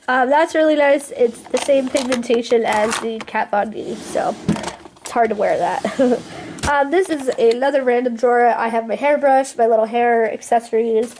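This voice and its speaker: Chatty girl doing a makeup collection vid at her vanity, upbeat, laughs a lot, kinda high voice. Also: a little mellow, a little hiss or hum. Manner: bubbly, chatty, laughs often. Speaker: beauty vlogger. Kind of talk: casual product show-and-tell.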